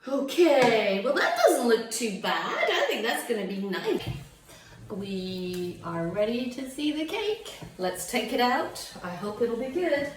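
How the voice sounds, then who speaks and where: A woman's voice: fairly high pitch, big pitch swings, slow pace, a little hiss or hum. A woman from Canada chatting casually and digressively through a home cooking video, laughing often. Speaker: home cook. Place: home kitchen. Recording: very echoey room, mic far off.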